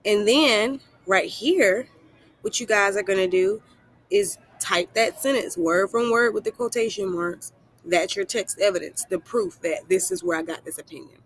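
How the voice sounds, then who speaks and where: A woman's voice: medium pitch, normal speed. A woman teacher talking students through a worksheet in a recorded lesson, asking questions and answering them herself, and reassuring them. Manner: encouraging, affectionate toward students. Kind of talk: recorded screen-share lesson.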